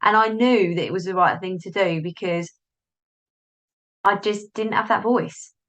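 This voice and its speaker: A woman's voice: medium pitch, a little slow, fairly bright tone, low-quality recording. A woman hosting a solo podcast, talking in a chatty, self-interrupting way and acting out inner voices, recorded on a device's built-in mic. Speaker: podcast host, business coach. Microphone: device's built-in mic, not the plugged-in one.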